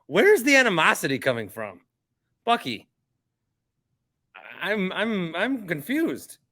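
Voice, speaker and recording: Bright high-pitched guy hosting a podcast, keeps stammering and repeating himself, exasperated. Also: big pitch swings, takes it slowly. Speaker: podcast host. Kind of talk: casual chat reacting to a voicemail.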